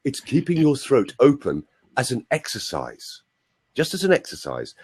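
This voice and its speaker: A man's voice: mid-range voice, huge pitch swings, moderate pace, a little mellow, breathy edge. A male voice coach explaining techniques on an online call, with joking asides. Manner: explanatory, demonstrates sounds, jokey asides. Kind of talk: teaching on a group call.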